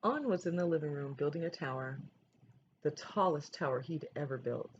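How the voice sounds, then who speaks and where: A woman teacher reading a picture book aloud in a measured, gentle way. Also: sits low. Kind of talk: storybook read-aloud. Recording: dull lo-fi recording, faint noise.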